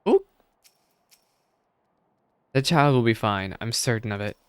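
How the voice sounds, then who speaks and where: A man voicing a serene, wise male deity, reading game dialogue aloud in a soft, measured, solemn way. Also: medium pitch, lively intonation, clean tone, no echo, lightly acted. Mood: calm, consoling.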